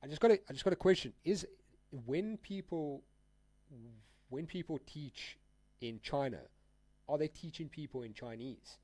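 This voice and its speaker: A man's voice: fairly high pitch, normal speed, warm tone, no echo. Casual slangy trading streamer, a man. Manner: casual, slangy, addresses viewers as guys and dude. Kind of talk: live stream commentary.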